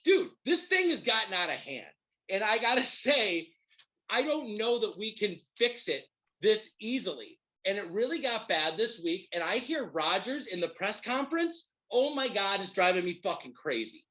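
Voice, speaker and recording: A man's voice: high voice, normal speed, poor audio. A man hosting a podcast, ranting about his football team in heated, profane commentary. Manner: profane, heated, animated rant. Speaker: podcast host. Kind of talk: ranting sports fan commentary.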